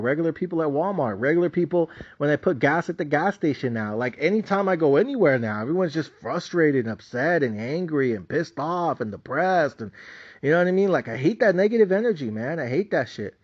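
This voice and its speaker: A man's voice: on the high side, expressive, fast, husky. Boastful, profane man on lo-fi audio. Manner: boastful, swears constantly, laughs at others mockingly. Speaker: stock market trader and channel host. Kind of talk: profane unscripted rant. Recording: dull lo-fi audio.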